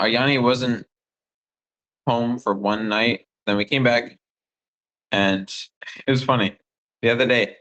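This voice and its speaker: Young man, missionary calling home, excitable, rambling, lots of fillers, mid pitch. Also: highs cut off. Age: young adult. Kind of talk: casual phone chat with family.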